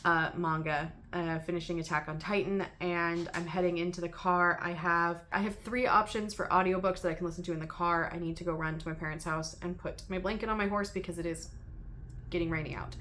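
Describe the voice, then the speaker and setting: A woman's voice: on the low side, fairly even intonation, fairly quick, a bit bright, slight background noise. A woman hosting a casual reading-recap vlog, chatty and rambling, often giggling between thoughts. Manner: rambling with frequent ums and restarts. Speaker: book reviewer and channel host. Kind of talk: casual chat.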